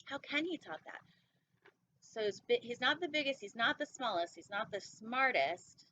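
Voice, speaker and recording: A woman's voice: a little high, expressive, normal speed, sharp tone. A young woman hosting storytime, reading a children's picture book aloud with playful, chatty asides. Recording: dull lo-fi sound with faint noise.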